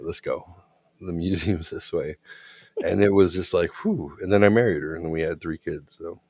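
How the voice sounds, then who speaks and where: A man's voice: deep voice, darkish tone, no room sound. A man co-hosting a podcast, telling a story in a blunt, profane, confident way. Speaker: podcast co-host. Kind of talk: casual storytelling chat.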